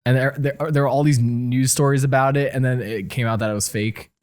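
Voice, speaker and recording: A man's voice: medium pitch, fairly even intonation, a little mellow, smooth. A man guesting on a casual podcast, joking around, laughing and swearing freely. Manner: jokey, quick to laugh and swear.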